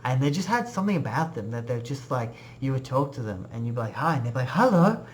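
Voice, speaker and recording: A man's voice: medium pitch, lively intonation, quick pace, a little hiss or hum. A young man giving a casual, earnest personal testimony in a web class, rambling with many fillers.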